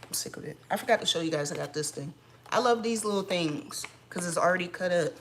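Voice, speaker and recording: A mom vlogger telling an animated, sassy story with frequent laughs in a casual chat at home. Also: female voice, on the low side, fast, slight background noise.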